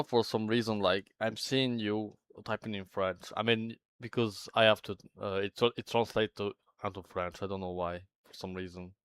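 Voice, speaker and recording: Low smooth-voiced man chatting on livestream. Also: no echo. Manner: rambling, self-interrupting, chatty. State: a bit anxious. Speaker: livestream host. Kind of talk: casual chat with viewers.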